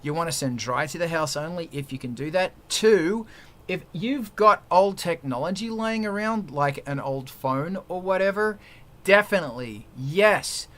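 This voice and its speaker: A man hosting a casual livestream chat, joking and crude, with sudden jumps in loudness. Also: on the high side, animated, moderate pace. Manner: joking, crude, loud swings in volume. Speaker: livestream host.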